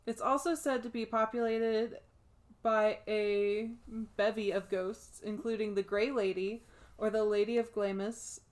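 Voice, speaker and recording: An American woman co-hosting a casual podcast, reading out notes and stumbling over names. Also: mid-range voice. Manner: reads history notes aloud, stumbling on names. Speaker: podcast co-host.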